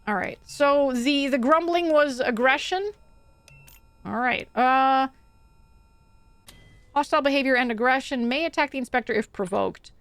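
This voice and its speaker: A woman's voice: high-pitched, unhurried, pauses often, a bit bright, clear, resonant tone, dry recording. A woman streaming a video game, chatting casually with her viewers and laughing often. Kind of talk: casual live-stream chat.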